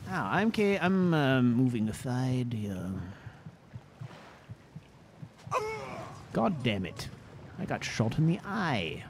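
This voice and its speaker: A man's voice: mid-range voice, big pitch swings, a little slow, noisy background. A man doing a fussy, bookish adventurer. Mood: wry. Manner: prim, formal phrasing with grumbling asides. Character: fussy, bookish male adventurer, easily flustered. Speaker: gameplay narrator voicing his character. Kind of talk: in-character gameplay commentary.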